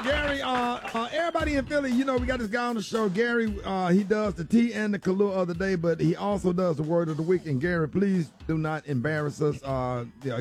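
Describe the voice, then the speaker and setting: High-voiced teasing male radio host. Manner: teasing, laughs often, loud bursts. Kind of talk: playful morning radio banter.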